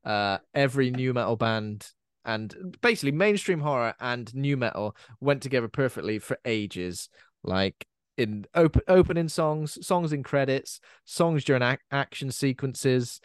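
A man talks casually about horror films, rambling a little and laughing along. His voice sits in a middle pitch and is recorded close and dry, with no room sound around it. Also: clean tone, dry recording. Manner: chatty, rambling, quick to laugh. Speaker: podcast co-host. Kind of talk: casual film chat.

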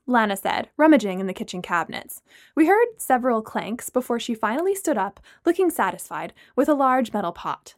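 A woman narrating a story in the first person with an expressive, melodic delivery. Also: medium pitch, moderate pace, no echo, clean studio sound. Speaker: audiobook narrator.

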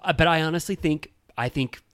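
A man co-hosting a podcast in casual chat, animated and blunt, swearing often and mimicking people in a high voice. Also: a little fast, smooth. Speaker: podcast co-host.

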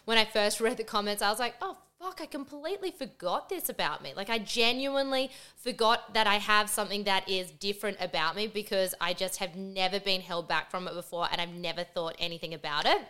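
Aussie girl in her 20s vlogging, sing-songy rising ends, says like a lot, bright clear voice. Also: medium pitch, fairly even intonation, fairly quick, hardly any pauses. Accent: Australian. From Australia. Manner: rising upward inflection at phrase ends; chatty, lots of "like" fillers. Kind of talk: personal storytelling to camera.

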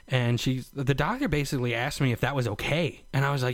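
A man's voice: mid-range voice, lively intonation, normal speed, no echo. A young man telling a rambling, profane story about becoming a father, full of "like" and "you know.". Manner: rambling, profane, lots of fillers. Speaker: new father telling his birth story. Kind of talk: casual storytelling vlog.

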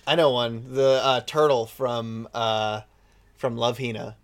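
A man co-hosting a relaxed podcast conversation. He talks chattily at a middle pitch and breaks into laughter often, with loose filler words throughout. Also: takes it slowly, smooth. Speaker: podcast co-host. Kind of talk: casual chat about anime.

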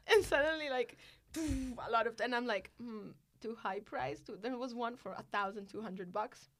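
A woman's voice: fairly high pitch, moderate pace. A woman born in Italy, an off-road racing driver, telling stories in a casual interview, acting out quotes and laughing often. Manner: animated, acts out quoted voices, laughs often.

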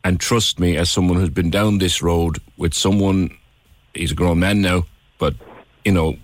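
A man's voice: low voice, fairly even intonation, moderate pace. A man hosting a radio phone-in, encouraging and folksy with his guests. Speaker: radio host. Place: radio studio.

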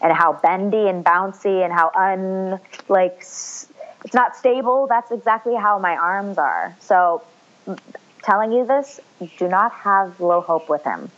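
A woman's voice: mid-range voice, a little slow, dull audio. A young woman in casual chat, speaking candidly, swearing freely and acting out what others said.

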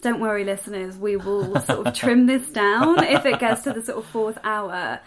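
A woman's voice: mid-range voice, moderate pace, crowd noise. A woman from the southwest of England with a modern received pronunciation accent, co-hosting a podcast as casual chat and laughing often. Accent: modern received pronunciation, English. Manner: chatty, laughs often, self-deprecating. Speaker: podcast co-host.

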